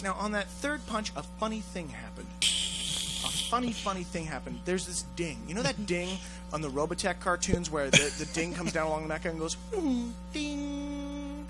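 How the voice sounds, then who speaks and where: A man telling a rough story on a casual talk show, swearing a lot and acting out the voices of the people in it. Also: sits high, fairly quick, over music, low-quality recording. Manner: profane, animated, acts out voices in his story. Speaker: podcast host telling a story.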